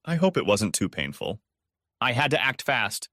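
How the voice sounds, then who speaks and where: A man voicing a calm otherworldly male spirit guide who asks steady, probing questions. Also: mid-range voice, normal speed, no room sound, clean studio sound.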